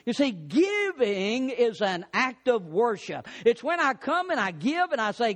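A man preaching a sermon as pastor, animated, joking, his voice rising on emphasis. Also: sits high, moderate pace.

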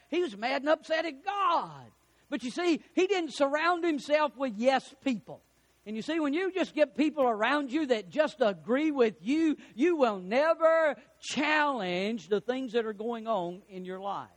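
A man's voice: extremely high pitch, expressive, unhurried. A man preaching a sermon as pastor, telling stories and acting out the lines of people in them. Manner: storytelling preacher, acts out quotes, chuckles at own jokes.

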